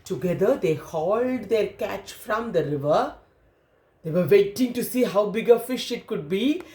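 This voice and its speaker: A woman reads a children's story aloud at an unhurried pace, stopping often to ask her young listeners questions. Her voice sits at a middle pitch, and the recording has a roomy echo around it. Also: a little mellow. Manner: interactive, asks listeners questions.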